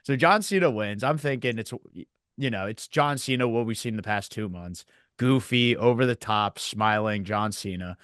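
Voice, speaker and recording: A man co-hosting a casual wrestling review podcast, telling events in an animated way with acted quotes. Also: on the low side, normal speed, clear, resonant tone, dry recording, studio quality. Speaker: podcast co-host.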